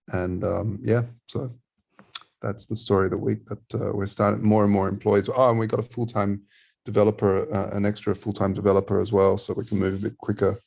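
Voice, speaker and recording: A man in casual panel chat from a rented home, talking quietly and hesitantly with many fillers. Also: lowish voice, vocal fry, breathy edge. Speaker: panel regular.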